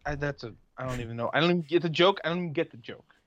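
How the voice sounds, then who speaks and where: Guy talking sports with friends, kinda high voice, keeps restarting his sentences, lo-fi dull sound. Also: rapid-fire, a bit bright. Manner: rambling, lots of restarts and fillers. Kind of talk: casual sports chat.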